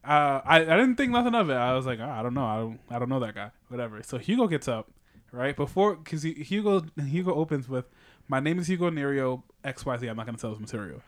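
Lively young man telling stories. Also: medium pitch, fast. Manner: lively storyteller who acts out quotes. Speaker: stand-up comedian. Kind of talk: casual chat.

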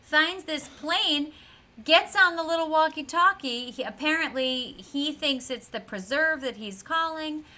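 A woman co-hosting a podcast, retelling a TV episode in a chatty, animated way with plenty of fillers. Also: high voice, a little slow. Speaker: podcast co-host. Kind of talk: casual recap of a TV episode.

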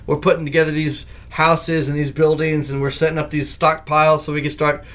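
A man hosting a casual gaming podcast, telling stories in a lively way and laughing often. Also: a little high, fairly quick. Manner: animated storyteller who laughs often. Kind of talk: casual chat.

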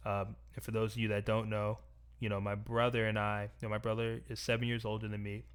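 Soft-spoken man with a smooth low voice. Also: level tone. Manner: reflective, soft-spoken, slow and earnest. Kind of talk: personal storytelling.

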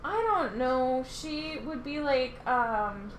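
A woman's voice: sits high, takes it slowly, a crowd in the background. A young woman co-hosting a podcast, chatting casually with lots of fillers, swearing and giggling. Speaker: podcast co-host. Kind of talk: casual chat.

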